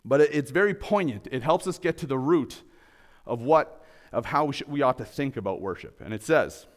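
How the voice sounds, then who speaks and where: A man's voice: mid-range voice, lively intonation, moderate pace. A man preaching a sermon, explaining a passage earnestly and conversationally with some restarts. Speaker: pastor.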